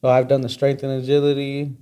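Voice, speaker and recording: A man's voice: medium pitch, completely flat delivery, quick pace, mellow, clear, resonant tone. A young man, a longshoreman, plainly telling how he got into the work. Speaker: guest, longshoreman. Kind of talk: casual chat.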